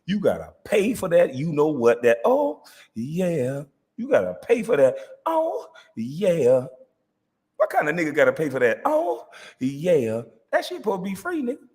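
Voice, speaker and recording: A man's voice: on the high side, huge pitch swings, measured pace, a little mellow. Guy going off on a cursing mocking rant, voice jumps all over, long reverb on it. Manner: cursing, taunting, rhetorical questions. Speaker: host.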